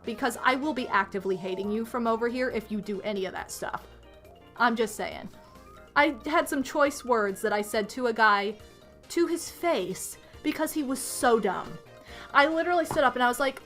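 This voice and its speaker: High bright-voiced woman ranting. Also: moderate pace, soft background music. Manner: exasperated ranting, animated, swings loud and soft. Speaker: streamer. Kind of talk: ranting stream chat.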